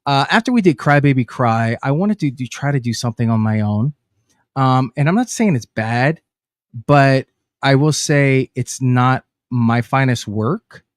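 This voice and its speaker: A man in his thirties co-hosts a casual stream, with a mid-range voice that jumps up when he gets excited. He teases his co-host and trips over his words as he rushes ahead. The sound is dry and close. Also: medium pitch, no echo. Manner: animated, stammers and restarts, teasing. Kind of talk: casual chat.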